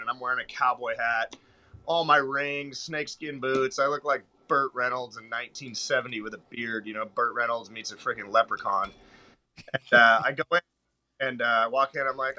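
Bright-voiced man telling a long story. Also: mid-range voice, a little fast, poor audio. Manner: animated, rambling anecdote-telling with fillers. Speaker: touring country musician. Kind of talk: casual storytelling in an interview.

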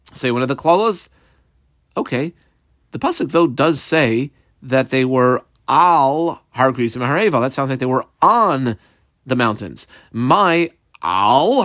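A man's voice: mid-range voice, a bit bright, no room sound, clean studio sound. A man teaching a Talmud class line by line. He reads each phrase of the Hebrew and Aramaic text, then explains it in casual English, with many fillers along the way.

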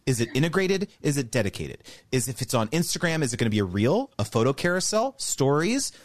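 Animated man explaining with lively pitch. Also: brisk. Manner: animated, explains step by step, mimics others' voices. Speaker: guest, creator business educator. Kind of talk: podcast interview.

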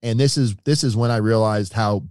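A man's voice: lowish voice, fairly quick, no room sound, studio quality. A middle-aged man, a podcast guest telling his own story and acting out the voices of the people in it. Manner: animated storyteller, acts out quoted voices. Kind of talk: storytelling in an interview.

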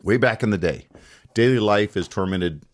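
A man with a deep, low voice tells an old legend in a relaxed podcast chat. He keeps it loose and wry, slipping in deadpan asides. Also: normal speed. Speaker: podcast co-host telling a legend. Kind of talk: casual storytelling chat.

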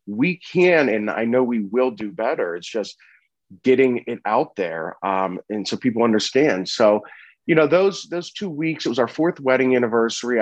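A man in his thirties telling a personal story with earnest, halting speech full of restarts and fillers. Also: mid-range voice, dry recording, muffled recording. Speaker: interview guest sharing a personal story.

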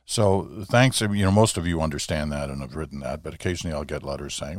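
A middle-aged man hosts a radio talk show from a small home studio, chatting casually and conversationally with lots of asides and filler words. His deep, expressive voice moves fairly quickly with few pauses, in a dry recording.

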